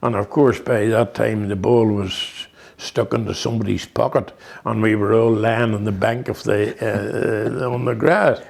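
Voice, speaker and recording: A man's voice: on the low side, fairly even intonation, normal speed, creaky, darkish tone. A man in his eighties with a Northern Irish accent, telling rambling anecdotes in an interview with many restarts and fillers. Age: 80s. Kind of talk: reminiscing conversation.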